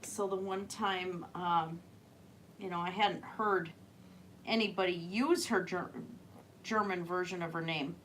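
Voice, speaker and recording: A woman's voice: on the low side, steady tone, a little slow, a bit bright, a little hiss or hum. A woman chatting casually while painting on a livestream, rambling and answering viewer comments. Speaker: livestreaming artist.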